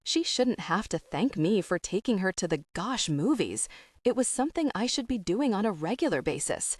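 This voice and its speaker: A woman narrating a romance audiobook in a steady, intimate way. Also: mid-range voice, moderate pace, no room sound, clean studio sound. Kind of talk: scripted narration.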